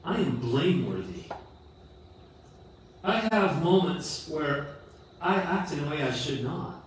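Middle-aged preacher echoing from far off. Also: male voice, on the high side, slow, slight background noise. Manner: earnest, animated preaching with self-deprecating humor. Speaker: pastor. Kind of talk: sermon. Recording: roomy echo from far off the mic.

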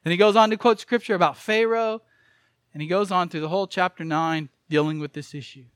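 Earnest high-voiced male preacher. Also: a little fast, clean tone, no room sound. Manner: earnest, emphatic, repeats key phrases. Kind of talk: sermon.

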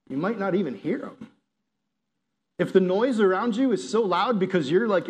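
A young man preaching a casual, lively sermon to teenagers, often saying "like" and "right?". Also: high voice. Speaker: youth pastor. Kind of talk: youth sermon.

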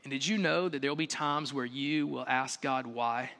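A man preaching a sermon as a pastor, animated and full of rhetorical questions, acting out bits of dialogue with humor. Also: medium pitch, moderate pace. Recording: long reverb of a large hall.

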